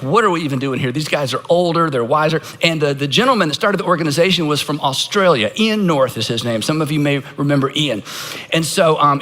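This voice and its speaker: A man's voice: a little high, pushed and bright. A man from Georgia, a pastor giving a conversational sermon, earnest with self-deprecating asides. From Georgia, United States.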